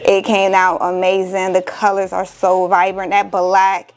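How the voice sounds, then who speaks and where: A woman's voice: mid-range voice, completely flat delivery, unhurried, poor audio. A young woman from Miami, a crafting vlogger, chatting casually and emotionally to her viewers, exclaiming often and calling them y'all.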